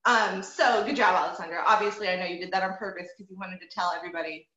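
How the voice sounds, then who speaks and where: A woman's voice: fairly low pitch, fairly even intonation, fast, pushed and bright. Encouraging woman voice teacher on a call. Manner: encouraging, demonstrative, models owl hoots and bird sounds. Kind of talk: online group voice lesson for kids. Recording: echoey, dull lo-fi call audio.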